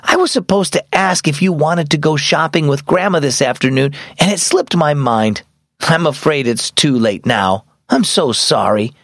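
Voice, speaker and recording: A man reading a gentle, caring mother. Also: on the high side, expressive, normal speed, no room sound, studio quality, pitched above the performer's own voice. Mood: apologetic. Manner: gentle, patient. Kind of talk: storybook reading.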